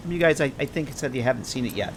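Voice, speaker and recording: A man's voice: medium pitch, animated, fast, slight background noise. Chatty male game streamer. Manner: chatty, talks to viewers and game characters. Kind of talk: casual live-stream commentary.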